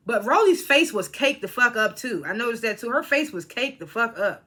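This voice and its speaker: Young adult reality show reviewer, blunt, salty and rambling, with a bright, edgy voice at a mid pitch. Casual vlog commentary, not polished. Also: sing-song, brisk. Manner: blunt, opinionated, profane; rambling with restarts and asides.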